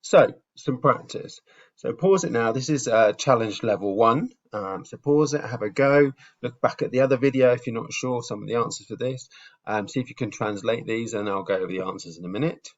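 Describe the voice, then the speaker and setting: A man's voice: medium pitch, brisk, lo-fi sound. A man teaching a beginners' language lesson in a patient, step-by-step way, with frequent ums. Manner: patient, explains step by step with fillers. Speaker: Spanish teacher. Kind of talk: casual video lesson.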